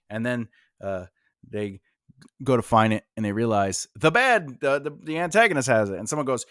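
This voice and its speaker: A man's voice: medium pitch, animated, moderate pace, a bit bright, no room sound, clean studio sound. A man teaching writing in a loose, rambling style, talking casually with fillers and restarts. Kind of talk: casual instructional talk.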